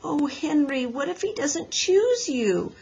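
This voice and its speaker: A woman voicing an anxious little girl with a high, fretful voice. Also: normal speed, a bit bright, close to an everyday voice, poor audio.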